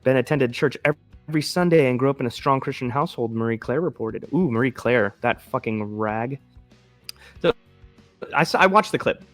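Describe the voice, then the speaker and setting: A man's voice: medium pitch, moderate pace, faint music behind. A man hosting a political commentary show alone, reading news articles aloud and breaking off to rant in a profane, sarcastic way. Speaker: host.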